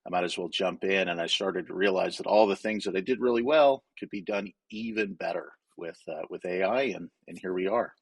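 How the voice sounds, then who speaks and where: A man's voice: deep voice, fairly quick, few pauses, husky, dry recording. A man from Wyoming, a guest in a casual interview, speaking candidly in a storytelling way with frequent restarts.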